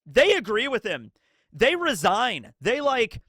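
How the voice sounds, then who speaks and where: A man talks through an anime story in casual commentary, animated and quick to act out lines. His voice sits high and bright and swings widely in pitch. The sound is close and dry, with no room around it. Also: no echo. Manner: animated, acts out quotes, swears casually. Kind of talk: casual spoken video commentary.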